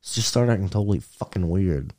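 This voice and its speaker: A man talks in a loose, crude, joking way, often breaking into laughter and voicing imagined lines. His voice sits low, with a dark, mellow tone. His pitch swings widely as he talks. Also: animated, fairly quick. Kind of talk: casual chat.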